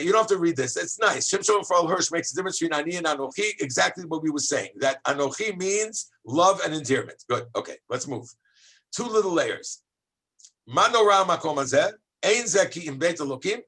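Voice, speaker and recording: A man, a rabbi, teaching a high school class in an animated, exclamatory way, calling on students by name and shouting at times for emphasis. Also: brisk, slightly rough. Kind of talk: lively classroom lesson.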